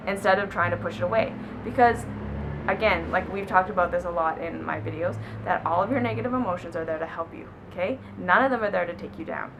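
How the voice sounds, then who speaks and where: A woman vlogger talking to camera in a casual, earnest coaching tone, repeating gentle affirmations. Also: medium pitch, brisk, vocal fry, noisy background. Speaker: self-help vlogger.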